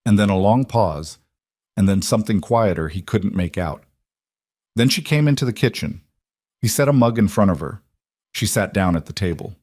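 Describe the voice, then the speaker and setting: A man reading a scripted story in an even, unhurried way. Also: fairly low pitch, no echo, studio quality. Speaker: narrator. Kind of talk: scripted narration.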